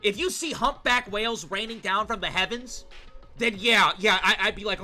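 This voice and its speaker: A male streamer giving excitable let's play commentary, swearing and stammering as he reacts. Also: high-pitched, normal speed, soft background music.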